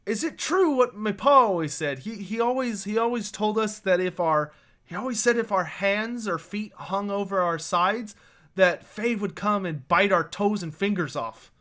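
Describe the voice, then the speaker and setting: A shy teenage boy, starstruck and stumbling over his words, played by a man in a tabletop game. The voice sits high and bright, and the boy trips over his words as he rushes to speak. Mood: nervous, eager. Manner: stammering, nervous and eager.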